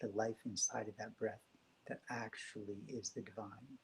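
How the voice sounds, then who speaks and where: A man speaking as a guest in a reflective spiritual conversation, soft, gentle and unhurried. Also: lowish voice, fairly even intonation, low-quality recording. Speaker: podcast guest.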